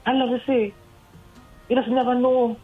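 Radio phone-in guest, husky mid-pitched voice, earnest and advising. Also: level tone, normal speed. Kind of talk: radio call-in talk. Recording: tinny phone line over faint music.

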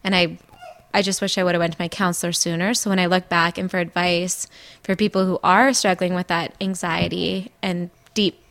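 Candid young woman, halting podcast chat. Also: fairly low pitch, level tone, fairly bright tone, dry recording. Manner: candid, halting, often breaks off mid-sentence. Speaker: podcast co-host. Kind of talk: emotional casual chat.

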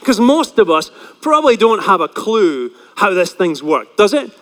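A man's voice: high voice, big pitch swings, normal speed, fairly bright tone, big-room sound. A male pastor preaching a chatty sermon, often asking the congregation questions.

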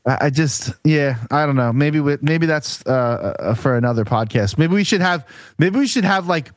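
Lively, rambling man on a podcast. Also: fairly high pitch, moderate pace, no room sound, studio quality. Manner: rambling, restarts often, lively questioning. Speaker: podcast co-host. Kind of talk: profane casual sports chat.

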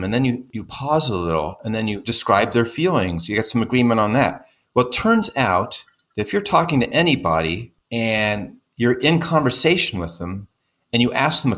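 A middle-aged man, a pediatrician, calmly explaining child behavior on a parenting podcast. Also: medium pitch. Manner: explanatory, steady, builds on co-host's points. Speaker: pediatrician co-host. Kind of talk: podcast parenting advice chat.

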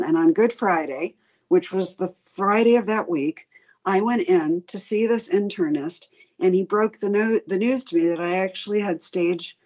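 A woman's voice: lowish voice, muffled recording. A middle-aged woman, a patient advocate, candidly retelling her story in an interview, acting out the doctors' lines as she goes. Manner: candid, animated retelling with quoted dialogue. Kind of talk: personal story told in an interview.

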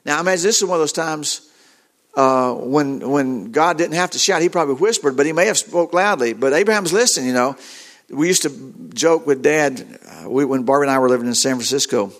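A middle-aged man preaches a sermon with a slightly high voice. He is earnest and halting, often repeating words as he retells a story.

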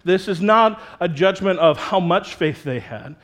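A young adult male pastor preaches a sermon in a lively, conversational style, slipping into playful put-on voices for quotes as he makes his point. His voice is high for a man, and his pace is a little slow.

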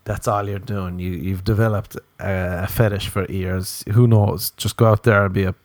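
A man's voice: deep voice, flat delivery, normal speed, no room sound. An Irish man hosting a podcast, rambling through a profane comedic monologue that hops from tangent to tangent. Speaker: podcast host.

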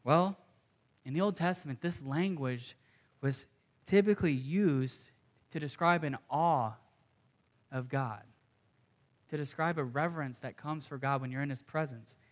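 A man's voice: a little high, measured pace, pauses often. A young man preaching a sermon to a congregation, earnest and conversational, with casual asides. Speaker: pastor.

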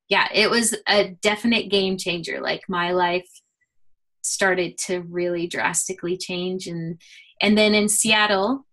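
A middle-aged woman, a guest, telling a personal faith story in an earnest, animated way with many fillers. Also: mid-range voice. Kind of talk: personal testimony in a conversation.

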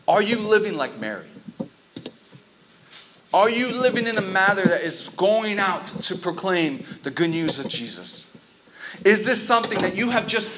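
Animated high-voiced preacher. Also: male voice, unhurried, a little hiss or hum. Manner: animated storytelling, quizzes the audience. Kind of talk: interactive sermon.

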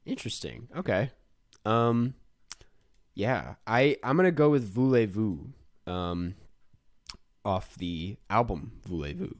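A man's voice: on the low side, expressive, takes it slowly, long pauses, dry recording, studio quality. A man co-hosting a podcast, chatting casually and reading listener questions in an upbeat, easygoing way. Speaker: podcast co-host. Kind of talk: casual chat.

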